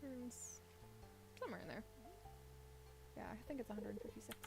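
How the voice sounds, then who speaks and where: Female game streamer, chatty and rambling, slight gravel in the voice. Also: a little high, expressive, a little fast, over music. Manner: chatty, rambling, thinks out loud with little laughs. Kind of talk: casual gameplay commentary. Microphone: desk microphone set low.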